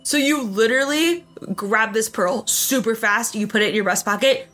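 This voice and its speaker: A woman running a tabletop game as game master, briskly narrating scenes and explaining rules. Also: on the high side, a bit bright.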